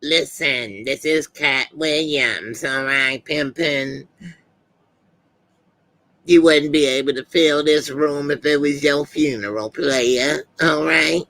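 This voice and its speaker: A man's voice: a little high, slow, a bit bright, no room sound. A man doing an impression of a brash comedian, slick and teasing. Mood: roasting.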